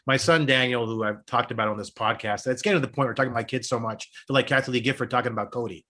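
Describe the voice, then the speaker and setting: An earnest man, maybe thirty-something or forty-something, making his case on a casual sports podcast. His pitch sits in a middle range, and he builds his arguments at length in an easy chat. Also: very fast, sharp tone. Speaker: podcast co-host.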